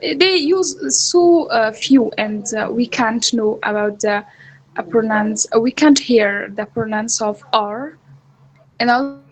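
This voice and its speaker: A woman student answering in an online class, speaking haltingly with many fillers over a video call. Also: on the high side, poor audio.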